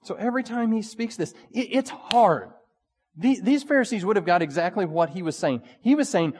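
A man preaching a sermon in a conversational, animated way. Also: sits high, moderate pace, husky. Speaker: pastor. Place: church sanctuary. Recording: long reverb of a church hall.

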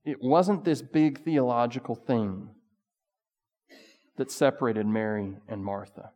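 A man's voice: medium pitch, slow pace, a little mellow, dull audio. Man preaching casually in a big hall. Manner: casual, conversational preaching with bursts of emphasis. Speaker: pastor. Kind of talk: sermon.

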